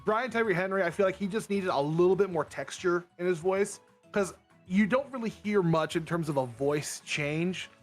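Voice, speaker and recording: Faint music plays behind this streamer host, a young man whose voice sits high and moves at a moderate pace. He chats casually with friends on his livestream, offering opinions with lots of animation and breaking into mock voices.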